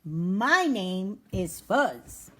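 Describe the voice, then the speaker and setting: A woman voicing a chubby, playful male opossum in a children's storybook reading, dropping her voice lower and drawing words out. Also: sing-song, drawn-out words, sharp tone, full character voice.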